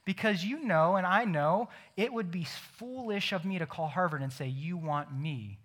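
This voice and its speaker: A young man preaching a sermon, animated and emphatic, acting out imagined conversations. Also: sits high, normal speed. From Ohio. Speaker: pastor.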